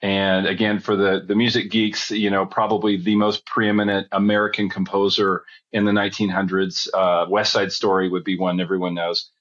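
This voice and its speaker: Middle-aged guy, deepish voice, rambly storyteller, kinda muffled dull recording. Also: little pitch movement, normal speed, few pauses, a bit bright. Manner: rambling, chatty storyteller who backtracks. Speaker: guest. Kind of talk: storytelling in a podcast interview.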